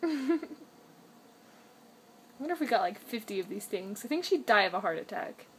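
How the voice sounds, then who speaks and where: A woman's voice: medium pitch, sing-song, moderate pace, a little hiss or hum. A young woman at home filming her kitten, chatting casually and laughing often. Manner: giggly, amused, laughs often. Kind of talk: casual home video commentary.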